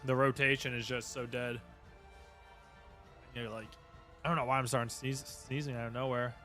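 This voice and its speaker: A man's voice: medium pitch, level tone, moderate pace, a bit bright. A man streaming a game live, chatting casually and greeting viewers by name, with faint music behind.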